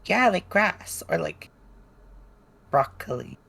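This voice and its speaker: Tabletop player, in-character banter, gravelly, mid pitch, blunt, playful. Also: big pitch swings, slow, sharp tone.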